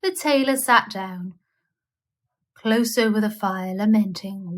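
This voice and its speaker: Slow, gentle woman reading a bedtime story. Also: mid-range voice. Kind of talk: children's bedtime story read-aloud.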